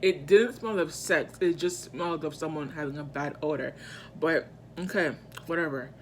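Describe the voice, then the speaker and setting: A woman vlogger telling a personal story in casual storytime style, animated and slangy, with emphatic asides to her viewers. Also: low voice, normal speed, a little hiss or hum.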